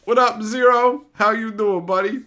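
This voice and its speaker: A man's voice: high-pitched, steady tone, moderate pace, pushed and bright. A male streamer casually answering chat questions in a profane, rowdy, mocking way.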